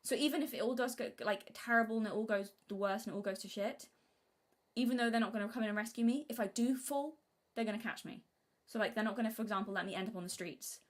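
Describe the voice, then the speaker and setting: A young woman from Britain talking casually on a live stream, rambling and restarting her sentences, sometimes acting out what she said as a child in a high voice. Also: fast. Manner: rambling, self-interrupting, acts out childhood quotes in a high voice.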